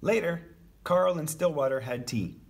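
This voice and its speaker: A man reading a children's picture book aloud as a teacher, with expressive, animated storytelling. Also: on the high side, measured pace, creaky, husky.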